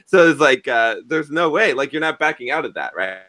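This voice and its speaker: An animated man with a mid-range, pushed and bright voice hosts a podcast a little fast, with no echo. His casual chat meanders through stories laden with fillers.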